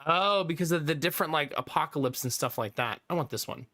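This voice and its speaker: A man livestreaming and chatting casually with his viewers, laughing often and teasing, his voice gruff from being sick. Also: on the high side, fast talker, sharp tone, dry recording, studio quality.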